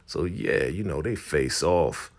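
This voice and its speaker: A man retelling a TV episode in a casual vlog, with animated, slangy storytelling. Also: a bass voice, takes it slowly. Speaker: show recap host. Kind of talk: casual show recap vlog.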